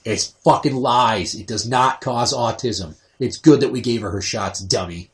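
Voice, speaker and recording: A man's voice: mid-range voice, unhurried. A man in his thirties hosting a podcast, telling crude stories and acting out what people said. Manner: profane, animated storytelling, acts out quotes. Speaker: podcast host. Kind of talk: crude casual chat.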